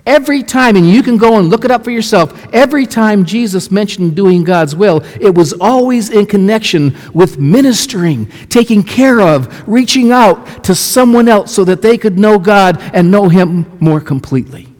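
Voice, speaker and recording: Preaching with hardly any pauses, this male pastor has a voice that sits high and moves at normal speed. His sermon mixes questions to the congregation with animated stories full of acted-out quotes, and the recording rings with long hall reverb.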